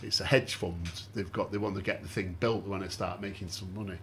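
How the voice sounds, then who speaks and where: A man's voice: low-pitched, brisk, background noise. A man hosting a fan podcast, walking through events step by step and putting questions to his guests. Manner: steady explanatory recounting with questions to guests. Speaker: podcast host. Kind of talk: casual podcast chat.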